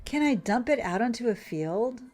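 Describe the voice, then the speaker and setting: A woman's voice: a little high, expressive, darkish tone. A woman hosting a casual gameplay vlog who chats and exclaims as she plays. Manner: chatty and exclamatory, quick laughs. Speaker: gaming channel host.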